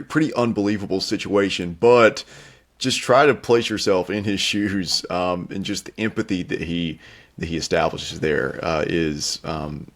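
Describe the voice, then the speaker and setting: Deep-voiced young man chatting about movies. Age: young adult. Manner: easygoing, chatty, light laughs. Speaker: film review show co-host. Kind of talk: casual film review chat.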